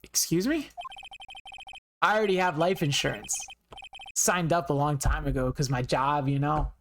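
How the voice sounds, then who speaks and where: A woman's voice: low voice, moderate pace, slight background noise. A woman voicing a laid-back adult man who keeps saying dude, in an easygoing, slangy drawl.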